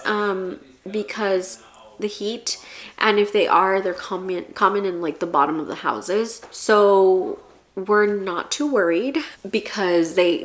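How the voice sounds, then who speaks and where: A young woman talking to the camera in a casual home-buying vlog, earnest and rambling, at times tearful. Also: medium pitch. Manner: earnest, rambling, restarts often. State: tearful, emotional. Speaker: vlogger.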